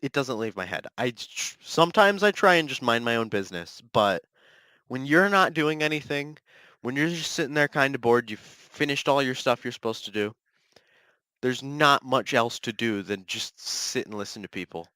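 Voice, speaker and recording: A man's voice: mid-range voice, lively intonation, moderate pace, pushed and bright, clear, resonant tone, no room sound. A man hosting a solo podcast, ranting in a restless, self-correcting way. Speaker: podcast host.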